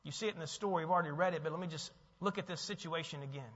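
A man preaching a sermon as pastor, animated and asking his listeners questions. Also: fairly high pitch, very fast. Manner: animated, asks the audience questions. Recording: dull, with long hall reverb.

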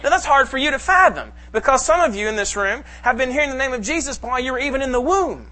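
A man preaching a sermon to a congregation, reading scripture slowly and with emphasis. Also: very high-pitched, lively intonation, bright, forceful tone. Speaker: pastor. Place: church sanctuary.

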